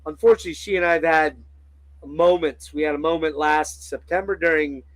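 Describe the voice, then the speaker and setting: A man hosting a casual podcast chat, telling profane, animated stories and acting out the quotes. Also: on the high side, fairly quick, no echo, poor audio. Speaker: podcast host.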